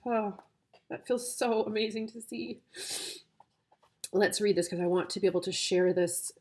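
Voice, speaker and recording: An emotional woman coaching her viewers through a tarot reading. Her voice sits at an average pitch, and her delivery is gushing and heartfelt. She is easily moved, almost tearful. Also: moderate pace, pauses often, darkish tone.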